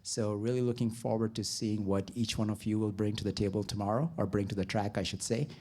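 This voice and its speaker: A man's voice: fairly low pitch, steady tone, a little fast, a little mellow. A man who is president of a sports federation, giving an upbeat, loosely worded welcome speech with many fillers.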